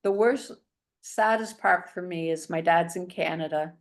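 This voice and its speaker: A middle-aged woman, a guest telling her story in a chatty, animated way. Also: on the low side, unhurried. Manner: chatty and animated, a self-described talker. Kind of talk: casual storytelling in an interview.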